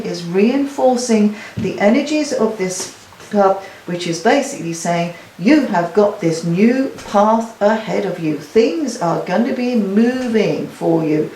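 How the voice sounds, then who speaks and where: Woman tarot reader, warm-hearted chatter to her cards, recorded in an echoey room. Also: mid-range voice, a little hiss or hum. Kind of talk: weekly tarot card reading.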